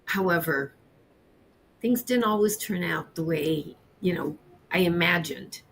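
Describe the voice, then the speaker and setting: A middle-aged woman, a baker, telling her story as an interview guest in an earnest, reflective way with halting restarts. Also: lowish voice, animated, creaky, fairly bright tone, slight background noise, low-quality recording. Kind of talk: candid personal storytelling.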